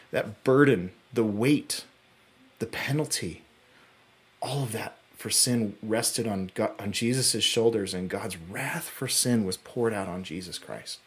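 A man with a husky, breathy voice delivers a sermon at a church service. He moves between quiet, low phrases and rising, urgent emphasis, with pauses between short phrases. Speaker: pastor.

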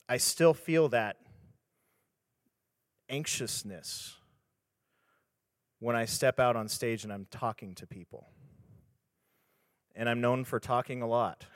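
A man's voice: medium pitch, dry recording, studio quality, big-room sound. A man, a pastor, speaking candidly and conversationally about scripture, retelling stories with restarts and casual asides. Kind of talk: casual devotional talk on scripture.

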